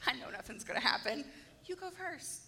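A woman voicing a cocky male prophet, taunting his rivals in a lowered, softer voice during a Bible teaching. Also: expressive, slow, exaggerated voice.

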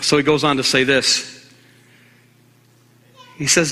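A man preaching a sermon in an animated, conversational way, firing rhetorical questions at the congregation. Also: mid-range voice, takes it slowly, pauses often, big-room sound.

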